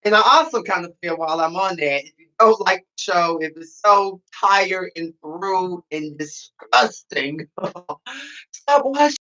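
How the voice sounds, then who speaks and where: Muffled audio captures a high-pitched man with a bright, forceful tone, speaking a little slowly. As a cast member reviewing his reality show on a casual podcast, he's sassy and dramatic and repeats phrases for emphasis.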